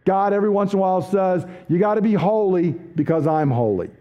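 A man preaching a sermon as a pastor, emphatic, dropping low and slow when he quotes scripture. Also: lo-fi sound.

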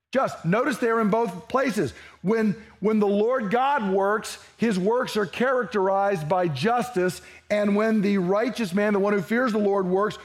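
A man with a fairly high voice preaches a verse-by-verse sermon. He speaks conversationally and pauses so his listeners can supply the next word. His pace slows on quoted lines and picks up on asides. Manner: conversational, asks the congregation to fill in words. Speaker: pastor. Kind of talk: expository sermon.

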